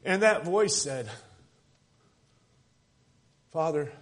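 Male pastor, mid-pitched voice, preaching sermon with dynamic loud-to-hushed delivery. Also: measured pace. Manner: preaching with swings between loud emphasis and soft near-whispers. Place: church service.

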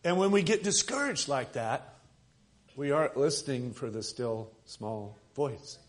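Male pastor, mid-pitched voice, preaching sermon with dynamic loud-to-hushed delivery. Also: animated, a little slow. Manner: preaching with swings between loud emphasis and soft near-whispers. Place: church service.

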